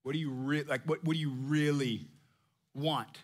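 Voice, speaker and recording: A preacher voicing a hushed, coaxing king. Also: fairly high pitch, very animated, unhurried, breathy edge, full character voice. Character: a king, calm and generous.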